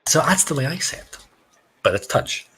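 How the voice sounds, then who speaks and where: Lively, bright-voiced man commentating. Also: a little high, normal speed, husky. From Ireland. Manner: excitable, chatty, joking. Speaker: race commentator. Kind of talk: live esports race commentary.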